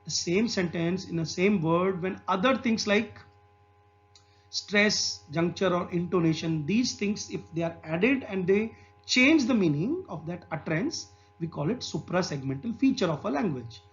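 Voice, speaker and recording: A man with an Indian English accent gives an exam-prep lecture in a high voice. He explains slowly, repeating examples aloud and leaning on "okay". The recording is slightly dull, with faint music underneath. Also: animated.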